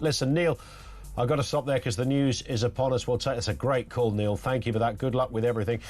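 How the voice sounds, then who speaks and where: A man hosting a radio phone-in, chatty and affable, dropping in quick interjections as he talks with callers. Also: medium pitch, fairly even intonation. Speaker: radio talk show host.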